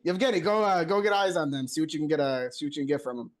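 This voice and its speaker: A man's voice: on the high side, animated, rapid-fire. A man playing his tabletop character, casual and leaderly, swearing freely. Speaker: player.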